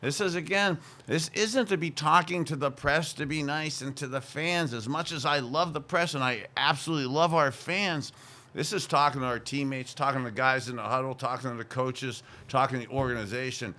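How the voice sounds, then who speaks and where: Direction: bright, emphatic former football player. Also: male voice, mid-range voice, a little fast. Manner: emphatic, rambling, repeats phrases. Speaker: former quarterback, co-host. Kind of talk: casual sports talk show.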